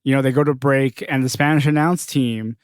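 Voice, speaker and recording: A man's voice: mid-range voice, fairly even intonation, a little fast, smooth, no room sound, studio quality. A man hosting a casual podcast, talking in an opinionated, conversational way and laughing often. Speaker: podcast host.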